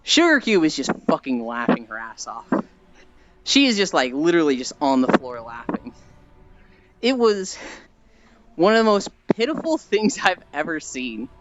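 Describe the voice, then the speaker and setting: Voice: mid-range voice, sing-song, moderate pace, a bit bright, dull audio, slight background noise. A streamer chatting casually while walking, tired and sweaty, telling stories and sighing often. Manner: chatty storyteller with frequent tired sighs.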